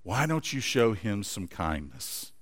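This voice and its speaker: A man doing a gentle, soft-spoken mother. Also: fairly low pitch, sing-song, takes it slowly, slightly rough, pitched below the performer's own voice, exaggerated voice. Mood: coaxing. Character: patient mother coaxing her young son. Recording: long hall reverb.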